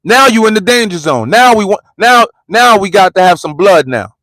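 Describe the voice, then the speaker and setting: High-voiced man ranting, slangy and repetitive. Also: expressive, moderate pace, fairly bright tone, no echo. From United States. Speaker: vlogger and commentator. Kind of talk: heated street-rant vlog. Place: parked car.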